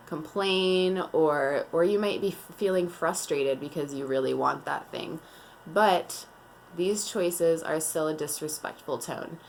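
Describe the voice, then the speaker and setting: Woman teacher for a kids' morning meeting, lowish voice, slow and calm. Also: slight background noise. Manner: slow, calm and deliberate, explaining to young children. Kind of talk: classroom morning meeting lesson.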